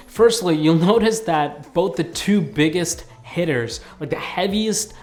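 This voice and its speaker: A man giving a casual video review of a tablet. He talks in a chatty, excitable way and fills his sentences with "like". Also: on the high side. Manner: chatty and excitable, leans heavily on "like". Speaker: tech reviewer.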